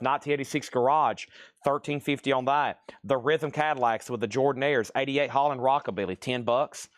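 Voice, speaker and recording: A man hosting a live-streamed record sale, listing items at a rapid clip and slipping into playful sales pitches. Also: no echo, clean studio sound. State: out of breath. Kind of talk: live-stream auction patter.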